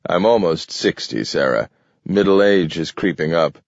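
Male narrator doing a measured, reflective aging scholar in a storybook, very deep voice, dry, dull audio. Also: animated, no room sound. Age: 50s. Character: man nearing sixty, dignified scholar.

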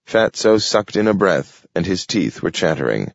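Narratore uomo, voce bassa e lenta, registrazione spenta e asciutta. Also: male voice, very animated, gravelly, no echo. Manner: slow and measured. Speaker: audiobook narrator. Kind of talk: scripted narration. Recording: dull lo-fi audio, dry.

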